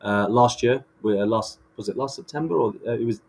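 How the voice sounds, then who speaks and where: A man's voice: medium pitch, brisk, darkish tone, a little hiss or hum. A man co-hosting a podcast in casual chat, enthusiastic and rambling with many restarts. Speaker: podcast co-host.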